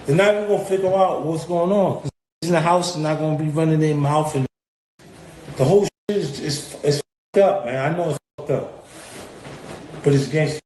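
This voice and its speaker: A man tells a casual story, loose and profane, and jumps into the voices of the people he quotes. His voice sits high for a man. The recording rings with the echo of a hard room. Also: moderate pace, darkish tone, slight background noise. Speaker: rapper recalling an encounter.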